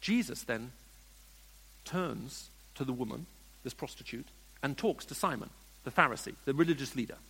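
A man preaching a sermon, moving between hushed storytelling and emphatic questions to the congregation. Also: medium pitch, expressive, normal speed, husky. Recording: long reverb of a large hall.

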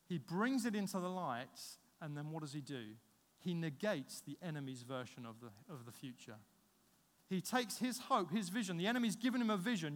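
A man preaching a sermon, telling stories and acting out the dialogue with lively energy. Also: fairly high pitch, brisk. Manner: animated storytelling, acts out dialogue. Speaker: pastor. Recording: long reverb of a large hall.

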